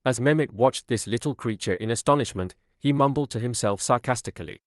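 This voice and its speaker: A man calmly narrating a scripted storybook tale in a measured way. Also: medium pitch, no echo, clean studio sound.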